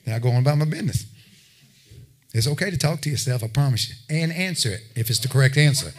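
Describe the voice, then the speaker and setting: A man's voice: mid-range voice, expressive, fast talker. A man preaching a sermon, talking plainly with his listeners and building to emphatic exhortation. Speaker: pastor.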